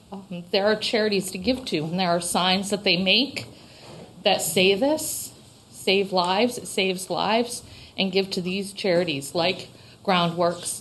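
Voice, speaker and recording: A woman's voice: medium pitch, a little hiss or hum, poor audio. Earnest emotional woman from Vermont. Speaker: local shop owner giving public comment. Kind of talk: public comment at a town meeting.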